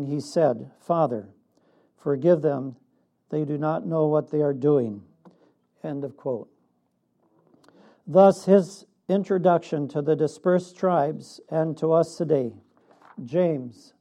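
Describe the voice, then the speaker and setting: A man preaching a sermon in a measured way, with a laugh now and then. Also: a little high, warm tone. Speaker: pastor.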